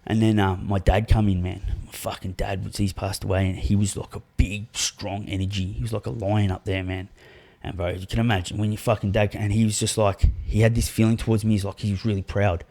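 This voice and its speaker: A man's voice: on the low side, flat delivery, creaky. A man telling a personal story as a podcast guest, earnest and full of swearing. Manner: earnest, heavy swearing, drawn-out soft delivery. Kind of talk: casual storytelling interview.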